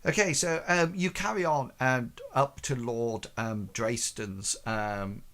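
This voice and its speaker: A man runs a streamed tabletop game as its game master. His voice sits at an ordinary middle pitch. He describes each scene haltingly, full of ums and quick self-corrections. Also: a bit bright.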